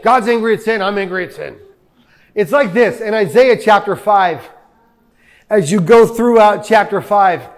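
A man preaching a sermon to his congregation in a conversational way, with asides to the listeners. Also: high voice. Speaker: pastor.

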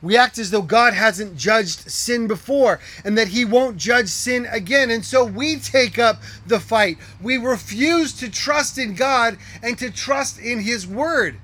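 Male pastor, high voice, earnest sermon delivery, hushes for emphasis. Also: measured pace, hardly any pauses. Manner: earnest preaching with rhetorical questions, drops to hushed tones.

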